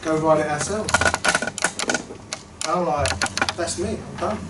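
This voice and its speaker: A man giving a reflective workshop talk to a group, earnest and halting, often trailing off softly. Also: on the high side. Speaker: workshop presenter. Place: meeting room. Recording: echoey room from far off, noisy.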